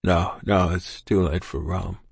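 A man reading as a frail old man on his deathbed, who pushes out slow, urgent words in a hoarse, breathy whisper. The voice sits low and sounds close and dry, with no room around it. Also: steady tone, no room sound, heavily acted. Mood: weak, urgent. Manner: slow, insistent, old-fashioned thee and thou speech. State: gasping, near death. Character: dying older Quaker man, weak, urgent. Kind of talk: audiobook character voice.

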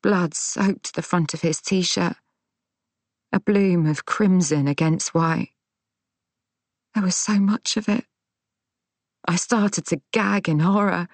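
A woman narrating a first-person audiobook in a measured, tense, dramatic way. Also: on the low side, no echo.

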